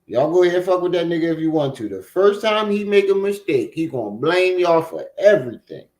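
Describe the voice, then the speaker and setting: A man's voice: a little high, very animated, fairly quick, a little mellow, roomy sound. A man hosting a reaction commentary, mocking and talking back at the clips he plays. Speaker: commentary host.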